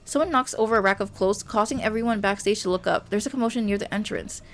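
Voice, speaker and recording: A woman streamer reading a visual novel aloud and reacting with animated exclamations. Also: medium pitch, fast. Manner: animated, exclaiming and laughing at the story.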